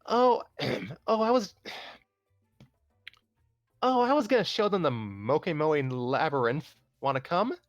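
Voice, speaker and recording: A man's voice: a little high, very animated, slow, pauses often, no room sound, highs cut off, soft background music, voice pushed up. Man doing a bossy nagging storybook girl. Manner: nagging, scolding.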